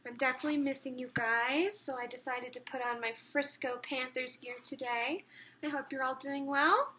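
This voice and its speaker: A woman reads a children's book aloud in an expressive, storytelling way. Her voice is high and bright, and it rises and falls as the story moves along. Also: normal speed, a little hiss or hum. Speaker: teacher reading aloud.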